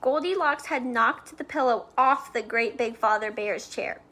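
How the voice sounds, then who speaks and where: A woman reading a storybook aloud to children, with playful chatty asides and soft whispers. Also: a little high, a little slow.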